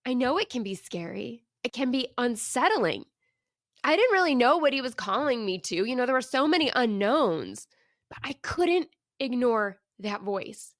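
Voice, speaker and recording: Animated woman podcast host, higher voice. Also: normal speed, no echo, studio quality. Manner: animated, emphatic storytelling with reflective questions. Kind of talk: personal storytelling monologue.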